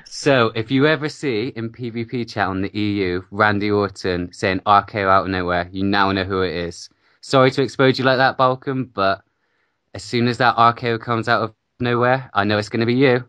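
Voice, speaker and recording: A man with a British accent, co-hosting a casual gaming podcast, easygoing and quick to laugh at himself. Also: lowish voice, steady tone, a bit bright, clear, resonant tone, no room sound. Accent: British English. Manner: easygoing, laughs often, self-mocking. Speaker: podcast co-host.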